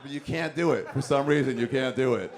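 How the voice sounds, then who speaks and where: A man's voice: mid-range voice, a little fast, vocal fry. A man doing stand-up comedy, telling a long, profane story on a club stage and acting out the voices of the people in it. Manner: profane, animated, acts out quotes.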